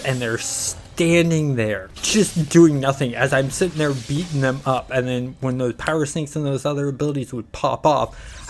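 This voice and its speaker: A man's voice: medium pitch, a little hiss or hum, rough recording. A man hosting a gaming channel, casually telling a story in a rambling way, acting out the quotes.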